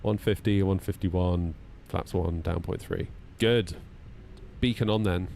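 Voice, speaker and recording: A deep, darkish voice with vocal fry and fairly even intonation belongs to a man in his 30s streaming a flight simulator from his home setup. Unhurried, with slight background noise, he works through checklists and trades chatty, self-deprecating jokes with viewers.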